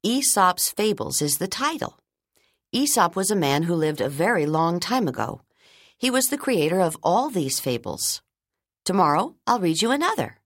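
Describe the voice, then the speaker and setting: A woman voicing a kind, patient schoolteacher in an audiobook, speaking gently and reassuringly. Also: fairly low pitch, big pitch swings, normal speed, no room sound, clean studio sound, pitched above the performer's own voice. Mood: gentle. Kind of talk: audiobook character reading.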